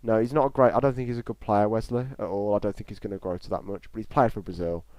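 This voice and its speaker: Guy doing live footy reactions, lowish voice, blunt and chatty, dry close sound. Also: fairly even intonation, fast, a little mellow, no room sound. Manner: casual, blunt and opinionated, talking straight to viewers. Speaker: host of a live match reaction stream. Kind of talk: live football reaction commentary.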